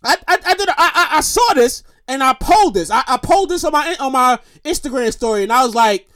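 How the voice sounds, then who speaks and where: A woman giving a ranting, comedic news commentary, loud, exasperated and profane, often shouting and running short of breath. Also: high-pitched, a little fast, hardly any pauses, no echo, studio quality. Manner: acts out others in quoted voices. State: getting breathless, pausing to calm down. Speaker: commentary vlogger.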